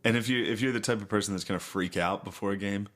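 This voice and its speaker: A young man with a low-pitched voice trades crude, laid-back stories with a friend. He talks casually as a podcast co-host, now and then bursting into a yelled impression. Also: fast talker. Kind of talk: casual chat.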